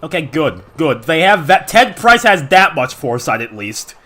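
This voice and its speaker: Excitable, cursing gameplay streamer. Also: medium pitch, normal speed. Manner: excitable, swearing, laughing often. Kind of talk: live gameplay commentary.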